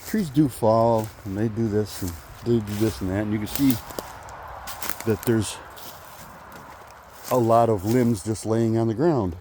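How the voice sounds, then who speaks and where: A man vlogging on a walk through the woods, musing in halting speech and now and then calling out loudly. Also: on the low side, steady tone, a little hiss or hum. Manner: musing, halting, with sudden loud call-outs. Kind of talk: rambling walk-and-talk vlog. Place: outdoors in woods.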